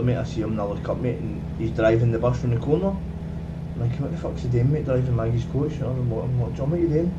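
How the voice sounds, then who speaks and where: A man gaming on a live stream, telling a rambling story, swearing and calling everyone "mate". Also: medium pitch. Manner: rambling, swears often, says "mate" constantly. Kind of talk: casual storytelling while streaming. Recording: dull lo-fi, off-mic, noisy.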